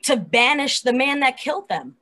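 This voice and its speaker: A woman's voice: sits high, big pitch swings, normal speed, pushed and bright. A woman co-hosting a podcast, chatting animatedly about a TV episode with lots of fillers. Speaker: podcast co-host. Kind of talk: casual chat reviewing a TV episode.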